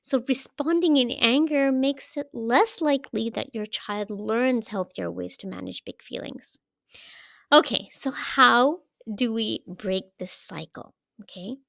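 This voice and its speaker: A woman giving parenting advice as a coach, in a calm coaching delivery that keeps checking in with "okay?". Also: a little high, a little slow, gravelly, no room sound, studio quality. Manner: checks in often with "okay?" and "right?". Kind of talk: explaining parenting advice to camera.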